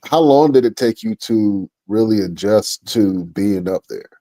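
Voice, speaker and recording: A man's voice: on the low side, lively intonation, unhurried, dark tone, no echo. A man hosting a podcast interview, laid-back and casual, often tossing in "man" as he talks. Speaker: podcast host.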